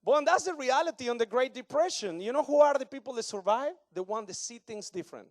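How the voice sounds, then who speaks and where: A man in his thirties from Argentina, preaching a sermon with an Argentine Spanish accent in broken English, animated and joking with the congregation. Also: extremely high pitch, fast, no room sound, clean studio sound. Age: 30s. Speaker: pastor.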